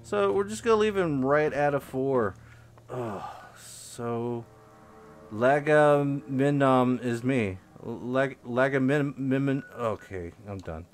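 A young man giving casual commentary while playing a game, muttering quietly and then bursting into loud, high-pitched, exasperated rants. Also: slow pace, slight background noise. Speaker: game video host.

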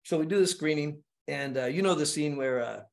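An animated man tells stories as a podcast guest, stumbling over repeated words and acting out what others said. His voice sits fairly high for a man. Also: fairly quick, creaky. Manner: animated, with many repeated words and acted-out quotes. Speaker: guest screenwriter. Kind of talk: casual storytelling on a podcast.

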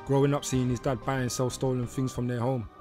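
A man narrating a documentary in a steady, scripted read. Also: medium pitch, brisk. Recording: narration over faint music.

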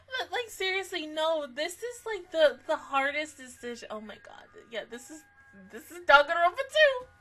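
A woman giving a casual anime reaction review, excitable and swearing, swinging between laughter and mock crying. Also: high-pitched, moderate pace, faint music behind.

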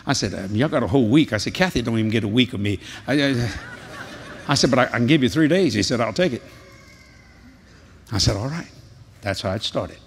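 An older man, preaching a sermon in a folksy, animated storytelling way at a large convention. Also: mid-range voice, fairly quick, pauses often, a little hiss or hum.

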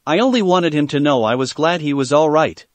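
A man voicing an excitable, clingy teenage ninja girl with sharp, eager outbursts. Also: low-pitched, a little fast, no echo. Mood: eager, indignant.

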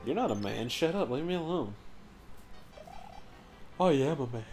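A man's voice: medium pitch, lively intonation, normal speed, a little mellow. Young man, casual gaming chat, rambling, profane, laughs mid-story, light music underneath. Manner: rambling, swears a lot, laughs while telling stories. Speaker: let's play co-host.

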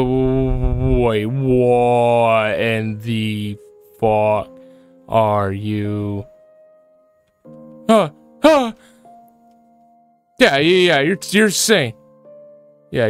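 A man's voice: mid-range voice, fairly bright tone, clean tone. A man commenting as he plays a horror game, jittery and repeating himself, breaking into frightened yelps. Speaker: gaming video creator.

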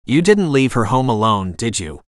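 A frightened young widow pleads and reasons in an earnest storybook voice, as a male narrator puts her on. The delivery sits at a middle pitch and sounds dry and close, with no room around it. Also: very animated, moderate pace, no echo, close to an everyday voice. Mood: worried.

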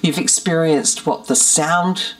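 A woman with a low, deep voice works as a vocal coach, teaching slowly. Her explanations are clear and methodical, much like a scripted lesson.

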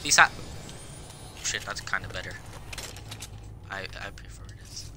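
A young man giving casual, excitable gameplay commentary on his own video, swearing often and jumping between loud outbursts and quiet mumbles. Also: low voice, unhurried, background noise. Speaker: gaming video creator. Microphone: camera on face while playing.

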